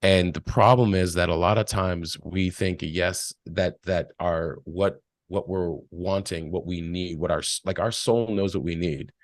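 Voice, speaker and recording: Man, deep voice, reflective casual talk, acts out quotes, dry close recording. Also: fairly even intonation, a little slow, hardly any pauses, no echo. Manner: reflective, tells stories with acted quotes. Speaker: podcast guest.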